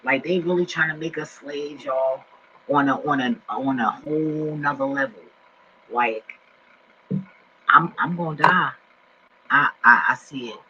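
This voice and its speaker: A man's voice: a little high, measured pace, pauses often, pushed and bright, slight background noise. A man in his forties talking to his viewers in a slangy, rambling vlog style, often getting sidetracked at home. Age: 40s. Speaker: vlogger. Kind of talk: casual vlog talk. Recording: dull lo-fi recording.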